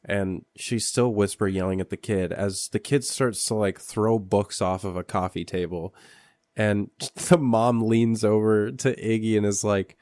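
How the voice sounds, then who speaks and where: A man's voice: lowish voice, fairly even intonation, measured pace, darkish tone. A man co-hosting a podcast, chatting through a film recap with a partner. He chimes in casually and acts out the characters' lines. His voice sounds dry and close, with no room echo. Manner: chimes in with acted-out quotes and laughs. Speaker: podcast co-host.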